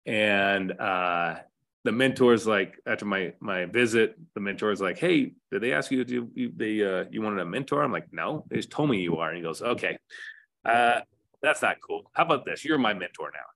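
A man's voice: lowish voice, lively intonation, moderate pace, gravelly, fairly bright tone. A middle-aged man with an American accent, a fire captain telling a story as a podcast guest in a candid, casual way, cursing now and then and acting out quoted dialogue.

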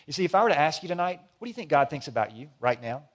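A man's voice: on the high side, very animated, very fast. Man preaching with big swings in volume. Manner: dynamic preaching, swings from loud emphasis to hushed lines. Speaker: pastor. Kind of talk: sermon.

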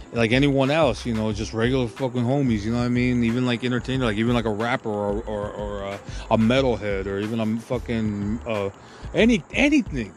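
A podcast host rants heatedly and crudely in a rambling monologue stuffed with filler and profanity. His voice is medium-pitched with a darkish tone.

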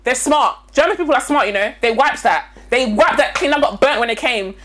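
A woman's voice: high-pitched, a little fast. A young woman, chatting casually and animatedly on a podcast, mocking and opinionated. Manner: animated, mocking, puts on voices for quotes. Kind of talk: casual chat.

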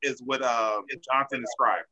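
A man co-hosting a podcast, chatting excitedly about old cartoons and quoting favorite lines. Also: medium pitch, normal speed, highs cut off, a crowd in the background. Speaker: podcast co-host. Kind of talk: casual chat about cartoons.

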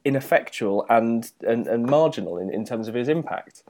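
A man's voice: medium pitch, animated, moderate pace, warm tone. A man co-hosting a podcast in casual chat, teasing and dry, often laughing. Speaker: podcast co-host.

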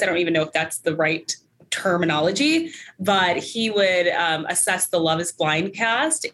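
A woman's voice: lowish voice, a bit bright, poor audio. Woman co-host in loose casual chat. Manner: loose, filler-heavy talk with lots of "like". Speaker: podcast co-host.

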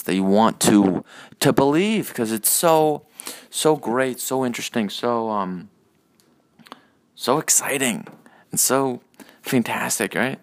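Male podcast host, low gravelly voice, meandering, cussing monologue. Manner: rambling, profane, full of hesitations. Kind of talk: casual monologue rant.

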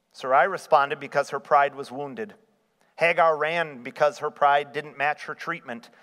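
A man's voice: mid-range voice, a bit bright. A man preaching a sermon, asking his congregation rhetorical questions. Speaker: pastor. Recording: long reverb of a hall.

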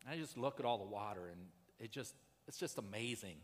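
A man's voice: on the low side, animated, brisk, big-room sound. A man preaching a sermon in a conversational way that rises to urgent emphasis. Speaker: pastor.

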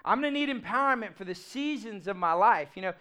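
A man, preaching a sermon in an animated, humorous and emphatic way. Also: high voice, quick pace. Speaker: pastor.

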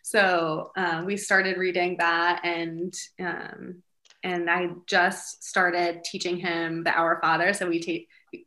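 A woman's voice: lowish voice, flat delivery, slow, sharp tone. A woman, a single mother, chatting casually in an interview with many fillers and light laughs. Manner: chatty, lots of fillers, giggly.

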